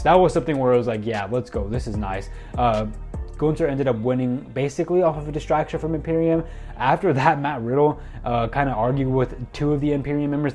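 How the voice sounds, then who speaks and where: A man's voice: medium pitch, a little mellow. A young man casually recapping a wrestling show, rambling with lots of fillers and loosely acting out what the wrestlers said. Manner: rambling, many fillers, acts out quotes loosely.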